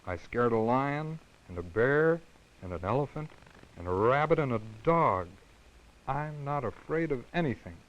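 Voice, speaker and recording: A man voicing a boastful little male kitten, speaking in a proud, puffed-up way, often rising higher in pitch. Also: lively intonation, unhurried, highs cut off, close to an everyday voice.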